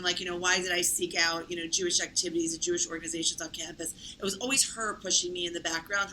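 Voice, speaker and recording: A woman's voice: fairly low pitch, bright, forceful tone, slight background noise, low-quality recording. A woman telling her own story in conversation, chatty, with many fillers and self-corrections. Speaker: interview guest.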